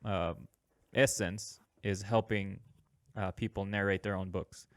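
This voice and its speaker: A man's voice: lowish voice, fairly even intonation, measured pace, no room sound, clean studio sound. A man hosting a podcast, talking earnestly with many hesitations and frequent laughs. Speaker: podcast host. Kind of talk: casual podcast chat.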